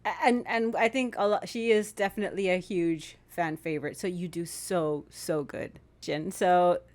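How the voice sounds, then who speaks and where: A woman running a casual panel interview, relaxed and laughing along as she asks questions. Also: fairly low pitch, normal speed, dry recording.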